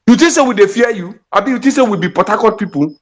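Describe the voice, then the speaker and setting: Nigerian activist, male, high tenor, confrontational and defiant. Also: lively intonation, fast. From Niger Delta, Nigeria. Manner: combative, defiant, mixing Pidgin. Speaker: activist speaker. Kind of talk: heated speech in an online audio room.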